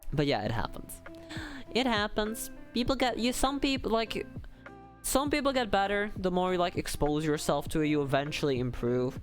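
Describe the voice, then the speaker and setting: A man's voice: on the high side, expressive, normal speed, faint music behind. A young man chatting casually on a livestream, rambling and self-deprecating with lots of fillers. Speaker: streamer.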